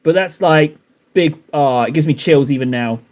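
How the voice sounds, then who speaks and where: A man's voice: on the high side, moderate pace, darkish tone. A young adult man hosting a live stream, chatting casually and playfully with viewers while painting miniatures, teasing them in mock-dramatic bursts.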